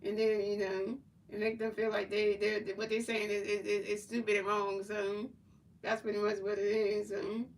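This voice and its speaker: A woman's voice: mid-range voice, little pitch movement, normal speed, far from the mic, low-quality recording. A woman streamer in casual chat, rambling and repeating herself as she answers her chat. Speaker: livestreamer.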